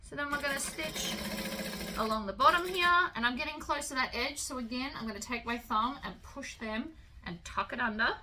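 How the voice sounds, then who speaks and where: A woman's voice: high voice, moderate pace, noisy background. A woman giving a casual, chatty sewing tutorial, explaining each step as she works.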